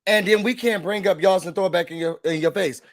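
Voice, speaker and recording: Casting: man, high voice, dry close sound, animated show-review rant. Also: dry recording. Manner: animated, exasperated, talks straight to the people on the show; mimics the show's people in quick put-on voices. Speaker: reality TV reviewer. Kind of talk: casual rant to camera.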